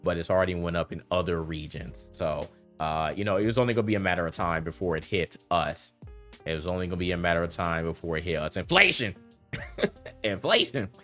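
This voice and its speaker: Male streamer, low voice, excitable, repeats lines, faint music behind. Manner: animated, repeats himself, quick bursts of laughter. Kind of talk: casual livestream chat.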